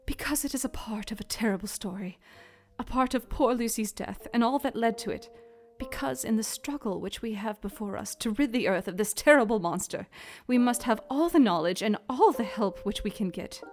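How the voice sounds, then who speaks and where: An actress playing an earnest, devoted young Victorian wife in a dramatized reading of a classic novel, speaking in a soft, formal way. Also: female voice, on the high side, expressive, normal speed, soft background music.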